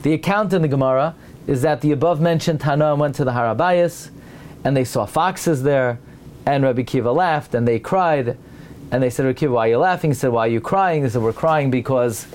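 A man giving a Torah lecture, weaving in many Hebrew and Aramaic terms, and his voice climbs as he builds each point. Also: brisk. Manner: animated, rising pitch when building a point. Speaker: rabbi giving a Torah class.

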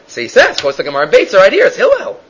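A man teaching a Talmud class, animated and sometimes halting, acting out quoted voices. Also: high-pitched, breathy edge, dull audio. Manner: animated, acts out quotes in raised voice; halting with fillers and restarts.

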